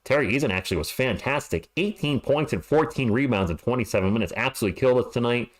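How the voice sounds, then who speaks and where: A man's voice: medium pitch, expressive, fast talker. Exasperated male fan calling a game. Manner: exasperated, ranting, stammers when upset. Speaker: fan livestream host giving play-by-play. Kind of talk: fan play-by-play commentary.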